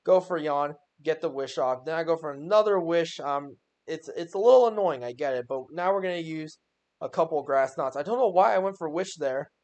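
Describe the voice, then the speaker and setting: Higher-voiced young man narrating gameplay. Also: lively intonation, fairly quick, a little mellow. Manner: casual, self-mocking, exasperated at his own plays. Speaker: gaming YouTuber. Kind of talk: game commentary voice-over.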